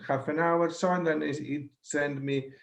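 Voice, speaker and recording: A man in his sixties with an Italian accent, whose first language is Italian, telling a personal story at a satsang over a video call, halting and full of fillers and restarts. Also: fairly high pitch, steady tone, creaky. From Italy. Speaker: satsang guest.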